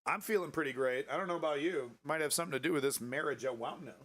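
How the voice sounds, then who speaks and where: A man hosting a live stream, reacting to clips with sarcastic, profane commentary and now and then breaking into shrill mocking voices. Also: quick pace, background noise. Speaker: livestream host.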